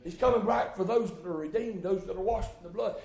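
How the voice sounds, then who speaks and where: A male preacher, delivering a fervent sermon in rhythmic repeated phrases that break into shouts. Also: high-pitched, fast talker, vocal fry, echoey room.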